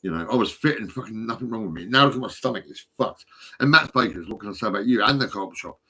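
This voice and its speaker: Middle-aged man, husky voice, rambling and profane, agitated phone vlogger, swings from mumbles to outbursts. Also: lowish voice, expressive, fast talker, bright, forceful tone. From England. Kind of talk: rambling monologue to camera.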